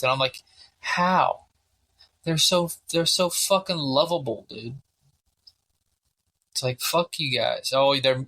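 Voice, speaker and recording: A man co-hosting a sports podcast, talking casually with lots of swearing and rambling. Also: mid-range voice. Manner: profane, rambling, excitable. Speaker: podcast co-host.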